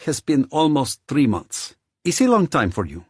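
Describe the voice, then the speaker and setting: In an audiobook, a man voices a brash, bored woman with a heavy Russian accent, pitching above his own mid-range voice. His pitch swoops wildly at normal speed, and the tone is a little mellow with a breathy edge. The studio sound is clean, with no room sound.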